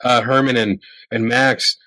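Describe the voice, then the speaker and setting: A man's voice: mid-range voice, unhurried, no room sound, rough recording. A man co-hosting a film podcast in a casual chat, quoting movie lines and agreeing often. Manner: quotes movie lines in a flat reading voice, many yeahs. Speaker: podcast co-host.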